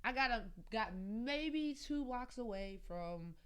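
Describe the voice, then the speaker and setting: A woman podcast co-host telling a story in animated casual chat, often laughing. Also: fairly high pitch, slow pace, smooth.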